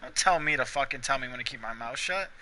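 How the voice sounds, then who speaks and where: A man's voice: mid-range voice, fast talker, pushed and bright, slight background noise. A young man chatting casually while gaming, blunt and opinionated, swearing freely and often laughing. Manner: frequent bursts of laughter. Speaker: gaming streamer.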